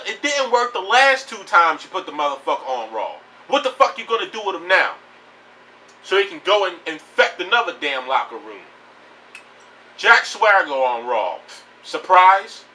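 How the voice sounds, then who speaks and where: Profane, animated young man ranting. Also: high-pitched, far from the mic, slight background noise, poor audio. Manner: blunt, profane, rambling with restarts. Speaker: wrestling vlogger. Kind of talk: casual opinion rant.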